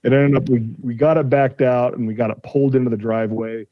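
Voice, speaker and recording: Man, 40s, mid-pitch, conversational storyteller; dry, slightly muffled recording. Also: fairly even intonation, fast talker, no echo. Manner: retells a dispute, acting out quoted exchanges. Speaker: podcast guest, car collector. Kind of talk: casual storytelling. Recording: slightly dull, dry sound.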